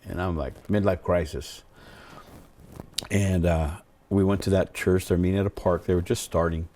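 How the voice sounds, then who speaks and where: A man's voice: low-pitched, fairly even intonation, moderate pace, warm tone, a little hiss or hum. A man, a pastor, telling a personal story in a rambling way, repeating words and acting out what people said. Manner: rambling, repeats words, acts out quoted voices.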